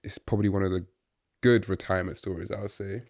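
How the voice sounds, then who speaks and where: A man's voice: low voice, steady tone, fast, gravelly, darkish tone, dry recording, clean studio sound. A man co-hosting a football podcast, talking casually and a little hesitantly with fillers. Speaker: podcast co-host.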